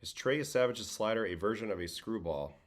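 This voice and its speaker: A man's voice: fairly low pitch, moderate pace. A tired man from Brooklyn with a faint New York-Boston accent, hosting a casual livestream chat and answering viewer questions aloud. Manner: relaxed, conversational, reads chat questions aloud. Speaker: livestream host, former pitcher.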